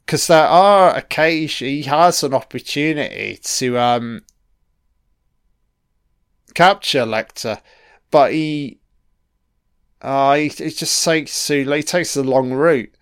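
Slow guy heckling a movie, a bit croaky, dry close mic. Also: on the high side, dry recording. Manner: profane, talks back at the screen. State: slightly croaky throat. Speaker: film commentator. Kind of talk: casual film commentary.

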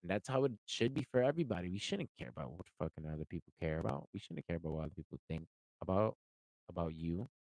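A man hosting a podcast, talking casually in an animated, profane, rambling way with many fillers. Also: low-pitched, no room sound, low-quality recording. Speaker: podcast host.

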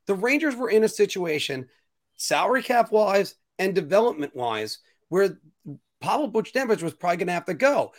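Animated, high-voiced male podcast host. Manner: animated, ranting. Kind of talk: casual sports talk show.

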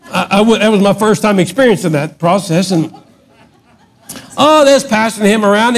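A middle-aged man preaching a sermon, swinging from loud emphatic outbursts to hushed lines. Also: high-pitched, a little fast. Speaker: pastor.

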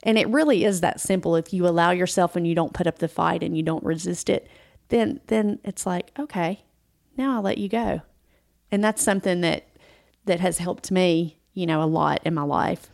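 Female co-host, low and gravelly, dry close sound, earnest and encouraging. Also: steady tone, moderate pace, darkish tone, no echo. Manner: earnest, encouraging, repeats phrases for emphasis. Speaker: podcast co-host. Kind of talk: casual chat.

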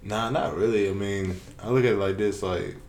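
A man's voice: on the low side, steady tone, moderate pace, a little mellow, a little hiss or hum. A young man in casual chat, blunt and joking, with heavy slang. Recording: echoey room.

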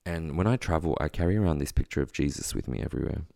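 A man telling a personal story in a quiet, halting, reflective way, with many pauses and fillers. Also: rumbling low, animated, vocal fry, dry recording, studio quality.

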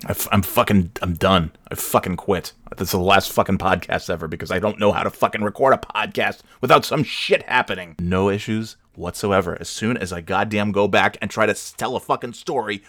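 A man's voice: sits low, a little fast, no room sound, clean studio sound. A man hosting a podcast, ranting furiously and swearing at his computer. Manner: furious, profane ranting and shouting. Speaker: podcast host.

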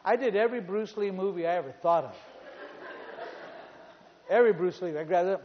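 A male pastor preaching a sermon in a church, telling stories in an animated way and repeating phrases for emphasis. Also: high voice, a little fast, long pauses, noisy background. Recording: reverberant hall, dull sound.

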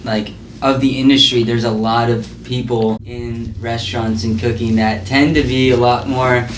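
A man hosting a podcast, asking loose, rambling questions in a relaxed tone. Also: medium pitch, normal speed, recorded from a distance. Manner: easygoing, asks rambling questions. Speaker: podcast host. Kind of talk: casual interview chat. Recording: echoey room with faint ambient noise.

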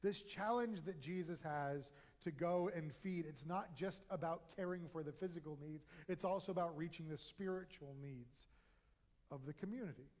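A man with a high voice preaches a conversational sermon and now and then acts out quoted voices with humor. His voice rings through a church hall with a long echo. The recording sounds dull and lo-fi. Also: normal speed. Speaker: pastor. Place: church sanctuary.

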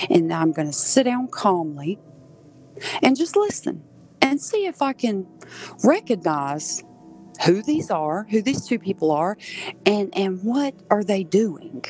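An unhurried woman from Southern Georgia tells a personal experience as a podcast guest. Her voice sits at a middle pitch, and she speaks earnestly, acting out the voices she overheard. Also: darkish tone. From Southern Georgia, USA. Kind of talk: personal storytelling.

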